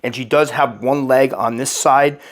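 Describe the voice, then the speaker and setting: A man with a slightly stuffy voice, calmly narrating a casual update about caring for his pet tarantula. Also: medium pitch, moderate pace. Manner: calm, explanatory, patient. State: stuffy, recovering from illness. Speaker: tarantula keeper and channel host.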